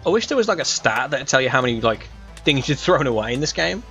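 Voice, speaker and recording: With big pitch swings and a fast, fairly bright medium-pitched voice, a young Englishman streams a game over soft background music. His casual gameplay chat, in a West Midlands accent, rambles with fillers and restarts.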